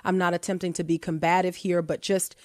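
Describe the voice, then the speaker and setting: A woman hosting a faith-based talk show. She speaks in an animated way, often laughs and restarts her sentences. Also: fairly low pitch, fairly quick, no room sound, studio quality. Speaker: podcast host.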